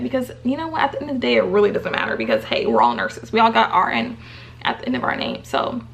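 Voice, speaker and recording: Young woman in her 20s vlogging, hypes up her viewers, kinda high voice, lots of vocal fry. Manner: bubbly, encouraging, playful. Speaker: nurse vlogger. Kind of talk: casual chat to camera.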